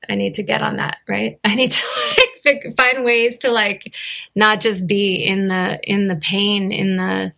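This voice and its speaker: A middle-aged woman reflects aloud as a conversation guest, pausing often and restarting her sentences. Her voice is thick with gravelly fry, sitting at an ordinary middle pitch for a woman. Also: flat delivery, sharp tone. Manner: thoughtful, hesitant, many fillers and restarts.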